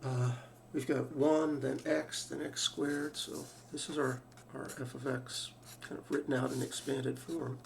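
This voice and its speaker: A man's voice: mid-range voice, flat delivery, a little slow, gravelly, hardly any pauses. A man teaching a math lesson, thinking aloud, restarting phrases and asking rhetorical questions. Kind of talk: lecture. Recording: roomy sound from a distant mic, faint background hum.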